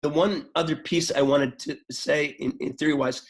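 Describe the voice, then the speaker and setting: A man's voice: fairly high pitch, steady tone, moderate pace. A man teaching a webchat on working with upset people in groups, explaining thoughtfully with fillers and restarts, now and then acting out the voices in his examples. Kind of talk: webchat talk.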